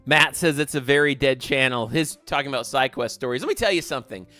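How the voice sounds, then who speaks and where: A man hosting a gaming livestream, chatting casually and warmly thanking viewers by name as he reads their comments. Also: mid-range voice, fast talker, dry recording, soft background music. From American South.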